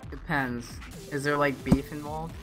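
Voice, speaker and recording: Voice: medium pitch, fairly even intonation, a little slow, over music. An esports caster doing casual commentary and teasing the co-caster.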